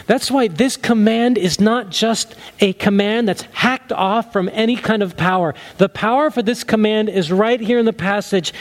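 A man preaching a sermon as a pastor, earnest, rising to emphatic lines and then dropping low and soft. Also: normal speed, hardly any pauses.

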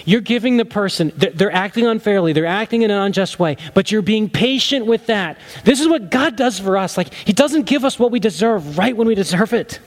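A man with a notably high voice preaching a sermon. He speaks earnestly, building to emphatic peaks and then falling to low, quiet lines. The delivery is that of a pastor addressing his congregation. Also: lively intonation, a little fast, few pauses.

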